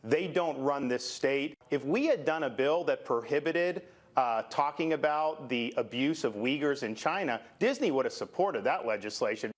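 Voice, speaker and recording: A man's voice: mid-range voice, animated, normal speed, hardly any pauses. A man speaking as a politician, firm and combative in a press statement.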